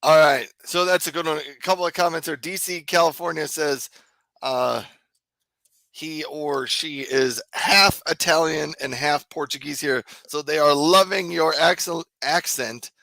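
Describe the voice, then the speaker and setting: A man's voice: fairly high pitch, steady tone, a little slow, vocal fry, bright, forceful tone, no echo, poor audio. A man from the US Midwest, co-hosting a live shopping stream with casual, giggly banter and frequent laughs. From South Dakota, US Midwest. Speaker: co-host.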